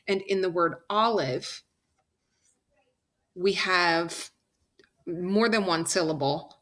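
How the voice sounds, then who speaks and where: A woman teaching a phonics lesson, speaking slowly and patiently, drawing out example sounds and checking in with her class. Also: on the low side, bright, forceful tone.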